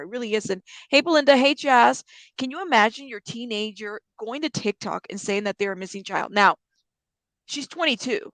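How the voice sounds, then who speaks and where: A woman's voice: on the high side, fairly bright tone, no room sound. Chatty woman streamer, dry sound. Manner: chatty, reacts to chat comments, thinks aloud. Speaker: news commentary streamer. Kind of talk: casual live-stream commentary.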